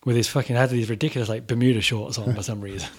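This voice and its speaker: A man's voice: mid-range voice, fairly even intonation, a little fast, breathy edge. A man telling a casual story about touring with his band, swearing freely and acting out the quotes. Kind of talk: casual anecdote.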